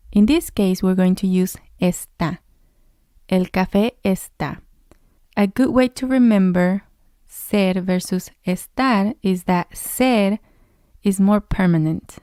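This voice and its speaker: Slow, patient woman teaching a language. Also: mid-range voice, darkish tone, smooth, dry recording, clean studio sound. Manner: patient, asks a question then answers it, pauses for the learner to repeat. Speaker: Spanish teacher.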